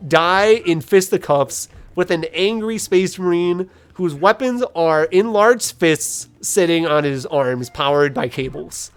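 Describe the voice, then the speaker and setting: A man with a fairly high, clear and resonant voice talks slowly, barely pausing. As a let's play commentator, he gives casual, jokey, rambling commentary, telling stories animatedly while playing a video game.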